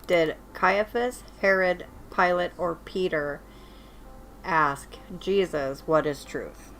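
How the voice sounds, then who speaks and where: Female livestream host, deep voice, unhurried quiz questions, chatty. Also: gravelly, soft background music. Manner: reads multiple-choice questions slowly and chats between them. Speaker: livestream host running a Bible trivia game. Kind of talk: casual livestream chat.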